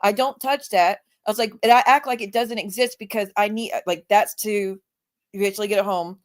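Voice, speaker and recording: A woman's voice: medium pitch, steady tone, brisk. A woman hosting a live stream in casual chat, blunt and emphatic, swearing freely. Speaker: livestream host.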